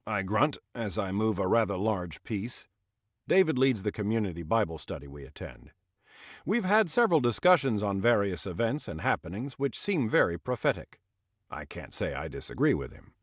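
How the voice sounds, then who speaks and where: A man reading a first-person audiobook in a measured, expressive way. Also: lowish voice, no room sound, studio quality. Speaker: audiobook narrator.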